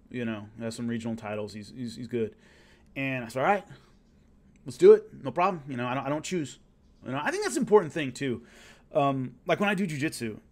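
Man telling fight stories casually. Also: mid-range voice. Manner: animated, acts out quotes of others. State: has hiccups. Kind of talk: casual storytelling.

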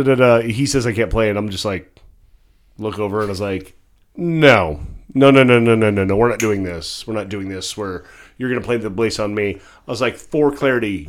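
A man co-hosting a podcast, telling a story in casual chat, animated and profane, acting out the voices in his quotes. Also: mid-range voice. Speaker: podcast co-host.

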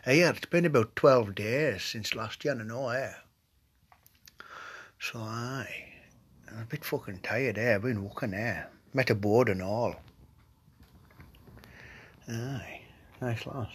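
Man, Cumbrian accent, has a cold, slow-paced, crude rambling host, mid-pitched voice. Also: breathy edge. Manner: swearing, dialect-heavy, trails off into mutters. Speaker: podcast host. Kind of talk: rambling crude comic monologue.

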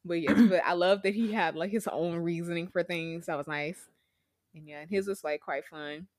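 A woman's voice: lowish voice, normal speed, a little mellow, dry recording, clean studio sound. A young woman chatting casually as a podcast co-host, gushing and laughing often as she talks. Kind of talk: casual fan chat.

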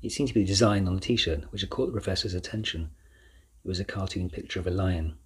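A man reading a children's storybook aloud as narrator, in an even, measured way. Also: sits low, husky. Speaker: audiobook narrator.

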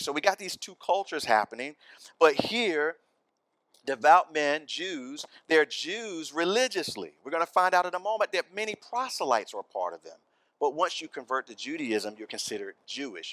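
Man, pastor, conversational sermon, questions to the congregation, dry close sound, mid pitch. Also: fairly bright tone, dry recording. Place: church.

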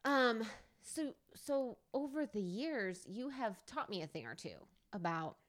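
A woman co-hosting a podcast, talking emphatically and excitably with lots of fillers. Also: fairly high pitch, unhurried, no room sound. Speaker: podcast co-host. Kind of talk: casual chat.

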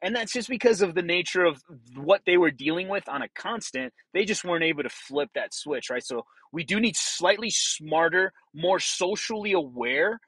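A blunt, profane middle-aged man talking through his years as a police officer, acting out the voices of the people he dealt with. His voice is husky and sits a little high. The sound is dry and close, with no room echo. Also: animated, normal speed, fairly bright tone. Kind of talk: casual monologue.

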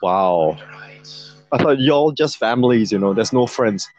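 A man's voice: mid-range voice, animated, measured pace, darkish tone, lo-fi sound. A man co-hosting a casual podcast, joking crudely and swearing a lot. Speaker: podcast co-host. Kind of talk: casual chat.

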